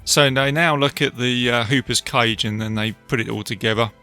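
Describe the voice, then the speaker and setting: A man talks through a film review on his own podcast, rambling a little and retelling scenes with plenty of fillers. His voice is bright and edged, with a steady gravelly fry. Faint music plays behind him. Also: mid-range voice, moderate pace. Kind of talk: casual solo film review. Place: beach outdoors.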